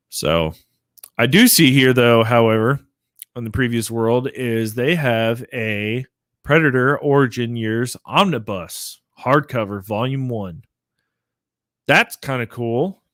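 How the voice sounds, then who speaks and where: A man's voice: fairly low pitch, dry recording, studio quality. A sleepy man chatting casually on his own live stream about comics, rambling with lots of fillers. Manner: rambling, filler-heavy, laid-back. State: sleepy, yawning. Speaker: comic book vlogger.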